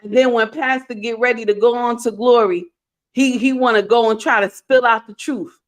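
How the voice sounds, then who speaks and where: A middle-aged woman hosting a live stream, reading viewer comments aloud with animated, playful scolding. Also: on the high side, moderate pace. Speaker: host.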